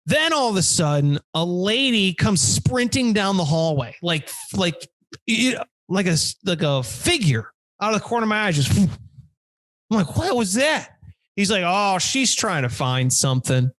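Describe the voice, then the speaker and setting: With a high voice at a normal speed and no room sound, a man in his thirties hosts a podcast. He tells an animated story in casual chat, swears plenty, and acts out each quoted person.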